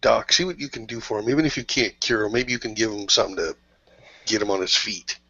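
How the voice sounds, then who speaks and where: Gravelly, tense, blunt male player; dry, dull call sound. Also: on the low side, fast, pushed and bright, dry recording. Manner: blunt, tough-talking. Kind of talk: in-character tabletop play.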